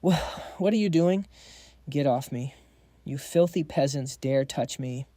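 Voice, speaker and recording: A man's voice: steady tone, unhurried, mellow, no room sound, clean studio sound, lightly acted. A man voicing a panicking, arrogant noble count who stutters and begs as he reads a comic recap. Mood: outraged. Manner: stuttering, shrill, begging.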